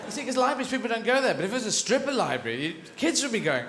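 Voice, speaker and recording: A man's voice: very high-pitched, very animated, rapid-fire, few pauses, noisy background. A male stand-up comedian with a rambling, surreal delivery, on stage in a large theatre. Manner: rambling, surreal, self-interrupting. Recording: echoey theatre with loud audience laughter.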